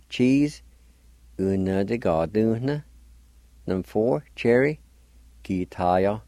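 A man's voice: on the low side, mellow, no room sound. A man teaching a language lesson on the radio, patiently spelling words letter by letter and sounding them out.

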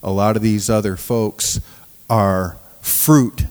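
A man preaching as a pastor of a recovery ministry, telling stories from the pulpit in a halting, restarting way and often laughing as he talks. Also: on the low side, fairly even intonation, darkish tone, long reverb tail. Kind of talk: sermon with storytelling. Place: church sanctuary.

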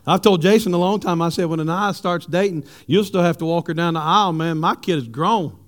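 A male pastor, preaching a sermon with animated, humorous stories for his congregation. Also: fairly high pitch, brisk. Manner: animated storytelling, jokes with the congregation.

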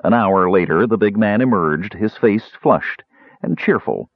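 A man narrating a fantasy story aloud in an expressive storytelling manner. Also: lowish voice, a little slow, no room sound. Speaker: audiobook narrator. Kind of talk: scripted narration. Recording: tinny phone-like sound.

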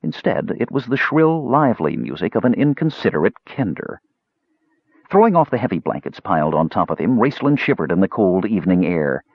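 Low male narrator, husky tone with wide lively pitch, dull lo-fi dry sound. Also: a little fast, no room sound. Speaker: audiobook narrator. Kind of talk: storybook narration.

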